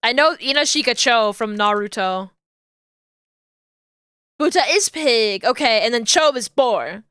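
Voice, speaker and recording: A woman's voice: on the high side, lively intonation, a little slow, a bit bright, clean tone, no echo, clean studio sound. A woman streamer chatting casually while she works, thinking aloud and correcting herself as she goes. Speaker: streamer rigging a 3D model. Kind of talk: casual chat while working.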